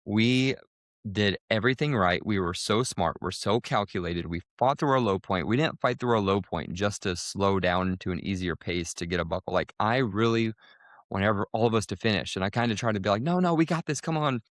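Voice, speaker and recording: A man co-hosting a podcast, telling a race story casually, with lively jumps in pitch when he quotes people. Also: fairly quick, no room sound, studio quality. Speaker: podcast co-host.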